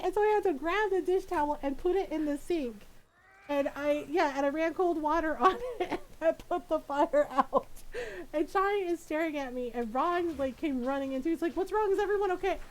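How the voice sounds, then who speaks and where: A middle-aged woman streamer telling a family story in casual chat, laughing often and acting out what people said. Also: extremely high pitch. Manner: animated, laughs often, acts out quoted voices.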